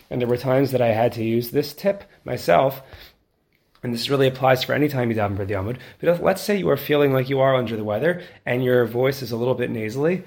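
A man teaching how to lead prayer, explaining quickly in plain talk and then chanting the tunes slowly to show them. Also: mid-range voice, darkish tone. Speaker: prayer leader instructor. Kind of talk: teaching lesson with chanted demonstrations.

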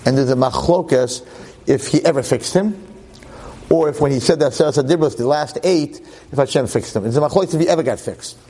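A man teaching a class, telling a story in a lively, joking way and acting out the quotes. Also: mid-range voice, brisk, breathy edge, big-room sound. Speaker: religious teacher.

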